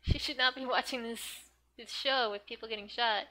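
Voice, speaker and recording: A young woman teaching Japanese from a manga in a chatty, giggly way, full of "like", sometimes muttering softly as she looks up words. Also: on the high side, steady tone, a little fast. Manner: chatty, giggly, filler-heavy with frequent "like". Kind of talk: casual manga study lesson.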